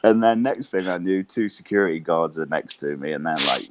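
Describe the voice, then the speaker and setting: Deep-voiced profane Englishman. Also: normal speed, hardly any pauses, slight background noise. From England. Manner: profane, animated, laughs through stories. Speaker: guest. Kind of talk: casual storytelling chat.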